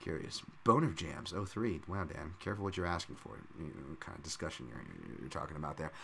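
A man's voice: a bass voice, fast talker, gravelly, bright, forceful tone, slight background noise. A man hosting a casual solo podcast breakdown, talking in a rambling, profane way with joking asides. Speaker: podcast host.

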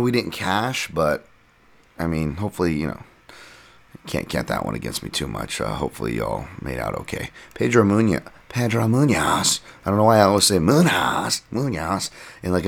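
A man's voice: rumbling low, creaky. A man hosting a podcast on his own, rambling through a casual breakdown with self-deprecating asides. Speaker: podcast host and fight analyst.

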